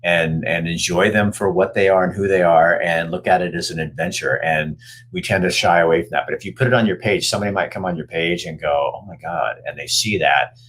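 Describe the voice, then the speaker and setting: A man's voice: deep voice, fairly quick, fairly bright tone, a little hiss or hum, rough recording. An older man hosting a casual chat, jokey and rambling, with frequent restarts. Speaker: host.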